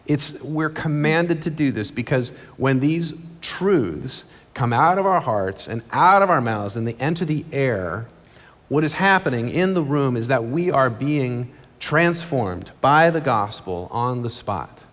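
A male pastor preaching an earnest, conversational sermon from a church stage, with quick asides. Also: mid-range voice, animated, fairly bright tone. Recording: long reverb of a large hall.

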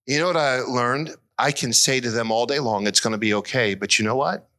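A middle-aged man preaching a sermon as pastor, earnest and emotional, his voice climbing high as he is moved. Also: moderate pace, sharp tone.

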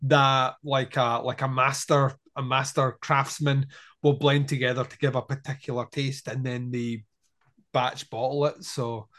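A man's voice: medium pitch, flat delivery, unhurried, a bit bright. A man guesting on a podcast, chatting enthusiastically and explaining things at length. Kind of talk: casual chat.

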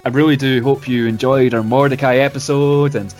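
A man hosts a casual podcast in a middle-pitched voice. He laughs often and trips over repeated words as he talks. Faint music plays behind him. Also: steady tone, a little fast, darkish tone. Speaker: podcast host.

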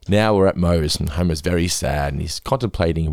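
Podcast host, male, low and animated, profane and chatty, dry sound. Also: fairly quick, hardly any pauses, no echo. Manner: profane, animated storytelling with laughter. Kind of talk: casual chat.

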